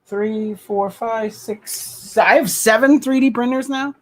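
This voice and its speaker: A man's voice: very high-pitched, slow pace. A man co-hosting a casual video podcast who talks eagerly and rambles, restarting sentences as he explains things. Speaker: podcast co-host. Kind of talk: casual chat.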